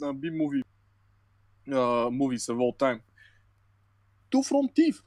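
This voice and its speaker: A young man bantering on a casual podcast, his voice lively and bouncing in pitch. He teases and rambles, and the sound is dry and close. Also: slow, no room sound. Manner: teasing, rambling, interjects often. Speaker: podcast co-host.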